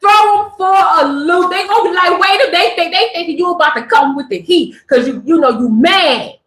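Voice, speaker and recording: A woman hosting a spiritual livestream, talking in a casual, animated, slangy way to her chat and preaching at them. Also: very high voice, moderate pace, reverberant.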